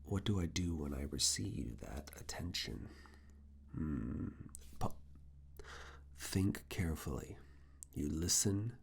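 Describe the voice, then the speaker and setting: A creator in a whispered role-play as a university professor, coaxing and quietly commanding, close to the mic. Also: rumbling low, animated, slow, pauses often. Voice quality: breathy whisper. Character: teasing university professor giving private review. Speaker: ASMR roleplay creator.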